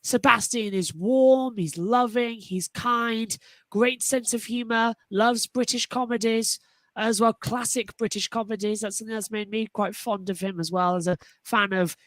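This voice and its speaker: A woman's voice: fairly high pitch, normal speed, no room sound. Enthusiastic woman gushing on a panel. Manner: enthusiastic, animated, frequent restarts. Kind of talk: casual panel discussion.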